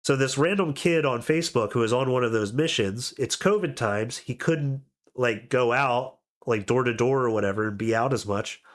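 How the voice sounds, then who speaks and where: A man's voice: medium pitch, moderate pace, few pauses. A man on cold medicine telling a rambling story on a podcast, with lots of fillers and restarts. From expat living abroad. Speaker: podcast co-host. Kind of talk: casual podcast chat.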